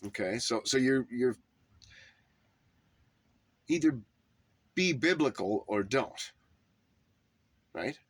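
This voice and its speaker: A man's voice: medium pitch, animated, slow, pauses often, husky, no echo. A man delivering a heated, profane rant, putting heavy emphasis on his words and tone. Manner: heated, emphatic, swearing often. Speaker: religious commentator.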